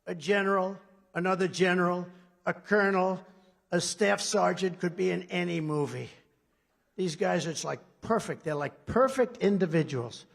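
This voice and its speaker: A man in his seventies from the United States, his voice pitched fairly high with a gravelly, creaky edge. He talks off-script in a rambling, sarcastic rally style, swinging from loud emphatic lines to murmured asides. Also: moderate pace. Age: 70s. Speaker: political speaker at a conference. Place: large conference hall before an audience.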